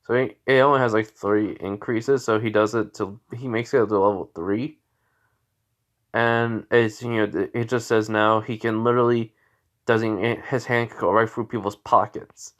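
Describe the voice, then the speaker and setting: A man's voice: fairly low pitch, steady tone, normal speed, fairly bright tone, highs cut off. A young man casually retelling a story, rambling with lots of fillers and restarts.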